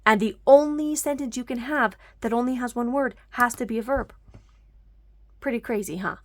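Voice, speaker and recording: A woman's voice: a little high, moderate pace. A woman teaching a grammar lesson at home, patiently explaining step by step and often checking that listeners follow.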